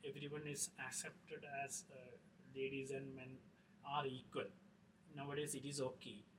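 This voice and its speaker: A middle-aged man, a film director talking in an interview, halting with many fillers and restarts. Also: medium pitch, level tone, fairly bright tone. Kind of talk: casual interview talk. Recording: distant mic with faint noise.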